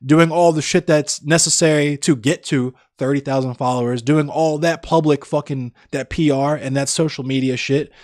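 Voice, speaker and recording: A man's voice: fairly high pitch, fairly even intonation, normal speed, hardly any pauses, a little mellow, dry recording, studio quality. A young man livestreaming, chatting casually with viewers in a blunt, profane, ranting way. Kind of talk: casual chat with live viewers.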